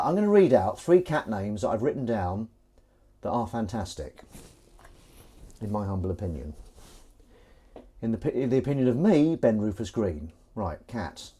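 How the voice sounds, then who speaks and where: A man chats playfully to his live-stream viewers from his kitchen sink as he washes up. His voice is mellow and dark in tone, yet it swings freely up and down, often jumping into sing-song bits. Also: fairly low pitch, breathy edge. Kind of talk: casual live-stream chat while washing up.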